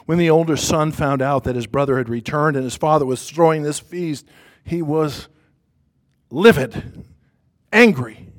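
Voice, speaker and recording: A man preaching a sermon to a congregation in church, emphatic and repetitive, swinging from loud stress to hushed quiet. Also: a little high, a little slow.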